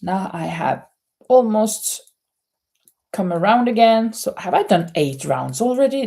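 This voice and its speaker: A woman's voice: medium pitch, expressive, unhurried, vocal fry, dark tone. A woman hosting a live crochet and knitting stream, chatting to viewers, singing along to an old song and muttering to herself as she counts rounds. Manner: sings along to an oldies song. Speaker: livestream host. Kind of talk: casual chat while crocheting.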